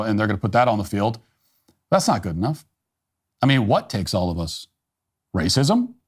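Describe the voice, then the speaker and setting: Deadpan sarcastic male talk show host. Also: a little high. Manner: deadpan mock-earnest sarcasm. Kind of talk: sarcastic satirical monologue.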